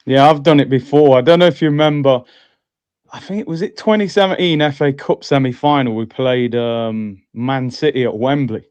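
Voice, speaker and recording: A man's voice: medium pitch, normal speed, a little mellow, clear, resonant tone, no echo, highs cut off. A man, a podcast co-host telling a self-mocking story in casual chat, often laughing.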